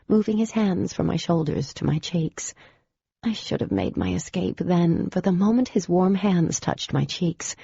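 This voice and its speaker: A woman narrating a first-person audiobook in a measured, intimate storytelling way. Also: lowish voice, creaky, mellow, husky, dry recording, lo-fi sound.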